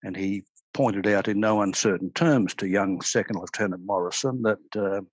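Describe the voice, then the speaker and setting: An older man, a retired army officer speaking as a podcast guest, explaining in a measured, storytelling way. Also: lowish voice, slightly rough, dry recording, poor audio. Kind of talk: podcast interview.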